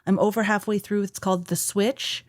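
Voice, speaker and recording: A woman's voice: medium pitch, little pitch movement, moderate pace, dry recording, clean studio sound. A woman co-hosting a podcast, chatting casually and enthusiastically about shows and books she has watched and read. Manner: chatty, enthusiastic, mimics others with silly voices. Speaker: podcast co-host. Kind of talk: casual chat.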